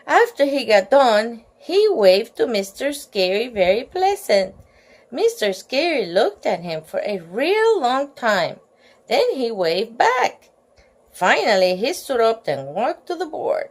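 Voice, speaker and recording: A woman reading a children's storybook aloud at home at night, giggling and breaking off with chatty asides. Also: on the high side.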